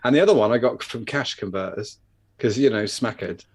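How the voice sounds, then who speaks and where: A man's voice: on the low side, fairly quick, a little mellow, husky. A British man chatting casually, joking and swearing freely through his stories. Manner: swearing, jokey banter. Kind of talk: casual chat.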